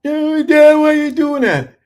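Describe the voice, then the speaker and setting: A man voicing his scared young son, pleading with his father in a high, whiny, drawn-out voice. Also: a little mellow. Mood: startled.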